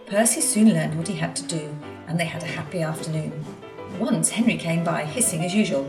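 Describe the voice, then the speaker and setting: A woman reading a children's story aloud in a clear, expressive storytelling manner. The recording sounds like an echoey room picked up from a distant mic. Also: low voice, brisk, music in the background.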